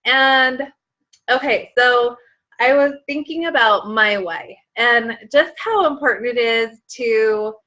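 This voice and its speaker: A woman in her thirties leads a motivational sales team call, chatty, full of fillers, and emotional to the point of tears at times. Her voice is on the high side, slow, pushed, and bright, and the highs are cut off in the audio.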